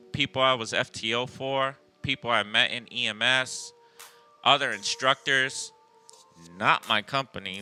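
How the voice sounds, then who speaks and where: A man's voice: mid-range voice, bright, forceful tone, clean tone. A man, an EMS worker and instructor, telling a story on a podcast in a blunt, profane, street-smart way.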